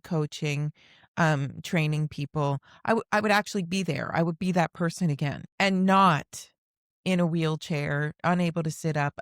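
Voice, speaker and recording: Woman w a lowish voice telling her story, kinda rambly, swears now and then, super dry close sound. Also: no echo. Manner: frank, rambling with fillers and restarts, occasional swearing. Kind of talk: candid conversational storytelling.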